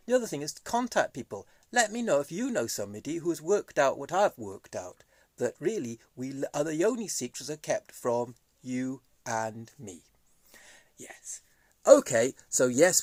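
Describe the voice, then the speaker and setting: A man's voice: on the high side, a little mellow, no room sound. A man vlogging in a rambling, sardonic monologue that jumps from topic to topic.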